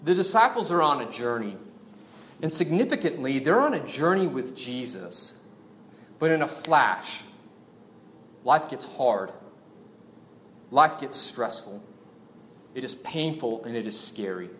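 A man's voice: medium pitch, unhurried, pauses often, echoey room, slight background noise. A man preaching a sermon in a chatty way, often asking the listeners rhetorical questions. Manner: conversational, animated, asks rhetorical questions. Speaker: pastor.

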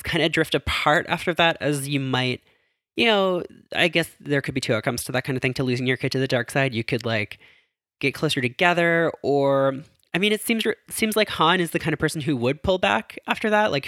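Man, podcast host, casual solo recap, rambling, fillers, self-correcting, middle pitch, dry close sound. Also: fairly bright tone, no room sound.

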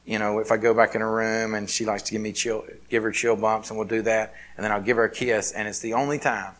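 Male pastor, lowish voice, casual sermon delivery, filler-heavy, big swings from loud to hushed. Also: little pitch movement, fast, poor audio. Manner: swings between loud emphatic peaks and quiet, hushed asides. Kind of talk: conversational sermon.

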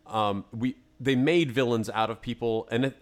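A man's voice: mid-range voice, steady tone, normal speed. A man co-hosting a podcast in a studio, thinking aloud and arguing his take on a film in casual chat. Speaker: podcast co-host. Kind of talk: casual movie review chat.

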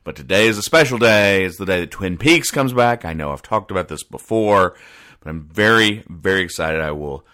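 A man's voice: sits low, animated, normal speed, pushed and bright. A man hosting a comedy show, reading out comic strips and rambling about them in a self-mocking way, with bursts of acted lines. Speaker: comic strip reader and host. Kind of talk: casual comedic commentary.

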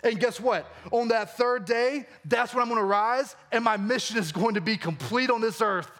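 A pastor from Georgia, US, preaches a sermon with a Southern American accent, earnest and conversational and full of questions for his listeners. His voice is very high with a fairly bright tone, at normal speed.

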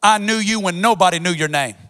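A man preaching with a very high, bright voice. His delivery rolls in a sing-song preaching cadence, and he expounds scripture with passion. The sound is sharp and forceful. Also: fairly quick, clean tone. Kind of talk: sermon.

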